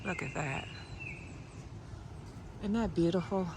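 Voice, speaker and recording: A woman's voice: lowish voice, takes it slowly, background noise. Chatty woman filming her yard. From United States. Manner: chatty, keeps addressing viewers as y'all, often drops to a soft hush. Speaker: vlogger. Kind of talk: casual chat to camera. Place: outdoors in her yard by a tree.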